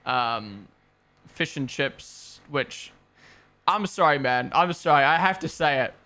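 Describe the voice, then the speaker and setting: Young aussie guy streaming, kinda high voice, rambles and swears a lot, headset mic. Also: expressive, slow pace, pushed and bright. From Australia and New Zealand. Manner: rambling, opinionated, swears freely. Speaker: streamer hosting a race watchalong. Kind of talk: casual live-stream chat. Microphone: gaming headset.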